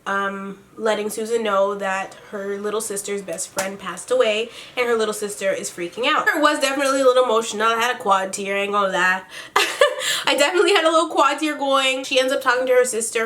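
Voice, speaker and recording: A woman's voice: a little high, a little fast, fairly bright tone. A woman vlogger recapping a reality show in casual commentary, sassy and blunt with lots of swearing, doing her makeup as she talks.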